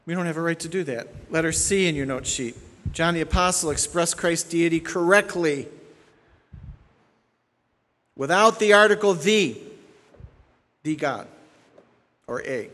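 A man's voice: a little high, measured pace, pauses often, a bit bright, long reverb tail. A man preaching an expository sermon as pastor, emphatic and repeating key points for stress.

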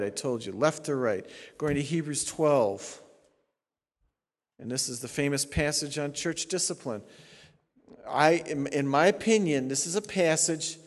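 A middle-aged man, a pastor, preaching a sermon emphatically, swinging between hushed and loud, sounding tired. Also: fairly high pitch. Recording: long hall reverb.

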